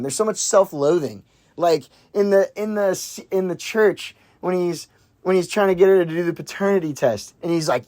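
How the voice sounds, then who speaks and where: A film reviewer chatting casually and excitably about a movie, rambling with lots of "like", restarts and casual swearing. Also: medium pitch.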